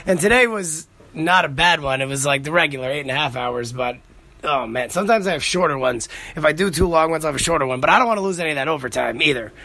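Host read: New man in his thirties, gravelly and bright, a little high-pitched, rambling and profane. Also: expressive, fast. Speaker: podcast host. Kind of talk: casual monologue.

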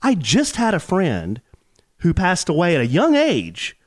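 A man's voice: sits high, measured pace, dry recording, studio quality. A man co-hosting a casual chat podcast, his voice swinging widely up and down as he talks. He speaks with fired-up, passionate conviction, building his point with emphasis. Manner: fired-up, animated opinions. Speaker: podcast co-host.

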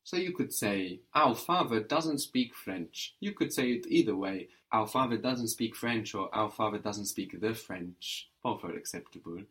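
Low-voiced guy teaching a language class, patient, says stuff twice slowly. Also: lively intonation, a bit bright. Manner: patient, repeats and models words slowly. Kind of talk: spoken language lesson.

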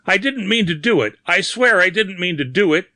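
A man voicing a terrified bearded middle-aged man who pleads in a high, panicked voice. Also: expressive, moderate pace, sharp tone, dry recording, studio quality, heavily acted. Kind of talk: audiobook character voice.

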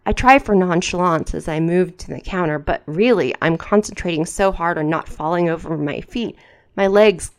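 A woman with a slightly low voice reads fiction aloud for her podcast, leaning into the drama of the text. She keeps cutting in with dry, sarcastic asides that mock what she is reading. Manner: wry, mocking asides between read passages.

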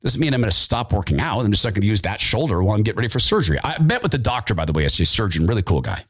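A middle-aged man hosting an opinionated political talk monologue, sarcastic and animated, with asides and mock voices. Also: fairly low pitch, racing, breathy edge. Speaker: political commentary host.

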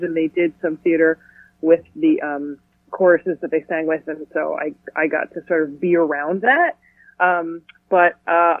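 Chatty actress on a tinny phone line. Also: female voice, deep voice, no echo. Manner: chatty and playful, quick asides. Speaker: actor guest. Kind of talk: casual phone interview. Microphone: telephone.

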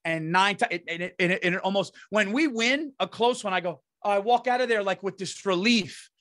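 A man's voice: high-pitched, a little fast, a bit bright. A middle-aged man, co-hosting a casual podcast and speaking earnestly with casual swearing. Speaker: podcast co-host.

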